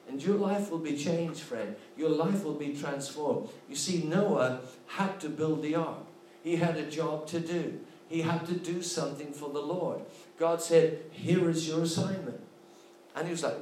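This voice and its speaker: Emphatic preacher in an echoey hall. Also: male voice, a little high, a little slow, a little mellow, a little hiss or hum. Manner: emphatic preaching with repeated refrains. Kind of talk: sermon. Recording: echoey room, voice from a distance.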